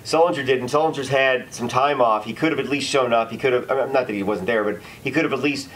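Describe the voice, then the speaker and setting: A man co-hosting a casual sports debate, animated and argumentative, swearing freely as he makes his points. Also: medium pitch, fast talker, slight background noise, rough recording. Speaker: sports debate show host.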